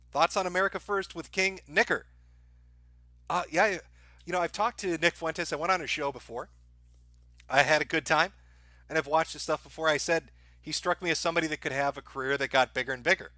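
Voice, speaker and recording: A man's voice: on the high side, fairly quick, bright, forceful tone, no echo. A man hosting a livestream, reading viewer donation messages aloud in a dry, offhand way with crude, irreverent humor and frequent filler sounds. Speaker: livestream host.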